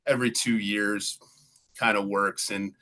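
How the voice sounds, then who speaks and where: A man's voice: fairly low pitch, flat delivery, measured pace, sharp tone. A middle-aged man, a golf coach and guest, explaining in an easygoing way and often adding "you know" and "right". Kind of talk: casual interview talk.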